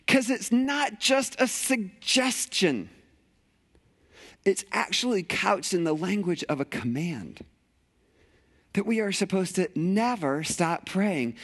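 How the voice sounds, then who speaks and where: A man preaching a conversational sermon in a church sanctuary, animated and playful with rhetorical questions. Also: sits high, slow. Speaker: pastor.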